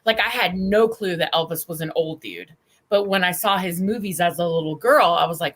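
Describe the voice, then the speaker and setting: Animated bawdy woman streamer. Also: mid-range voice, normal speed, noisy background. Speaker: stream host. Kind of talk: casual livestream chat.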